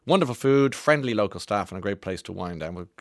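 On a dry studio-mic recording, a radio host with an Irish accent reads out listener texts in a chatty way, tossing in enthusiastic interjections. His voice is lowish, his pace quick, his intonation lively.

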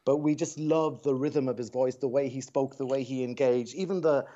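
Irish male dialect coach, mid-pitched voice, reflective storyteller, muffled lo-fi line. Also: moderate pace, dark tone. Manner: reflective, anecdotal, with frequent restarts. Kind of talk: radio interview guest.

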